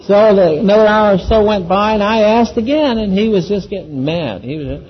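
In a dull, lo-fi recording, a man with a high voice speaking at normal speed gives his Christian testimony. He tells it in a sincere, down-home way, acting out what the people in his story said.

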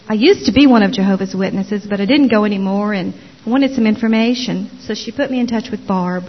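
A woman telling her personal testimony as a former Jehovah's Witness, expressive and dramatizing the story with little voices. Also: medium pitch, slightly rough. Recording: dull lo-fi recording.

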